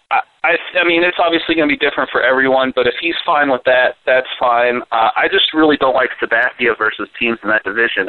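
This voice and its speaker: A man from the United States calling into a sports podcast as a guest, halting with fillers and dry quips. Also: medium pitch, no echo. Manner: hesitant, lots of uh fillers, dry wit. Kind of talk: casual podcast chat. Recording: tinny phone line.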